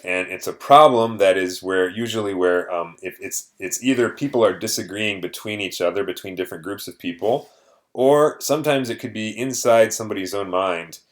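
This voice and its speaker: Deep-voiced man teaching vocabulary. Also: moderate pace. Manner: patient, explaining with restarts and Spanish glosses. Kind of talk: vocabulary lesson.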